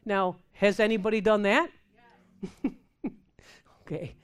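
A woman preaching a sermon in an animated, amped-up way, acting out prayers and laughing with the congregation. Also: mid-range voice, slow pace.

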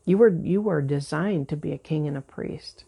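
A woman's voice: low-pitched, moderate pace, vocal fry, warm tone, breathy edge. A woman pastor giving an earnest, conversational sermon, stressing points by repeating words.

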